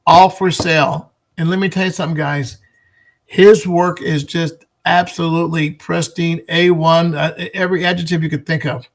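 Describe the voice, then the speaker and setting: A man being interviewed as a pinball expo organizer, talking eagerly and promotionally in casual chat, often restarting his sentences. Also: fairly high pitch. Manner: enthusiastic, promotional, frequent restarts.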